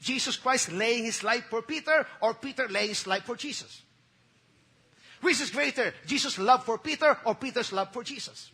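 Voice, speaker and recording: A male pastor preaching a sermon. He mixes English with Tagalog, repeats words, keeps asking the congregation "Okay?" and "Amen?", and swings between loud bursts and hushed asides. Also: very high-pitched, moderate pace, slightly rough. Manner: emphatic preaching with sudden loud bursts and dropped near-whispers.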